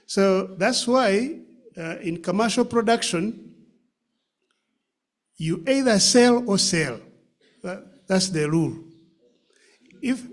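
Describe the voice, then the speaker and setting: A man giving a pig farming training session, answering questions with practical advice and plenty of hesitant fillers and restarts. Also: high voice.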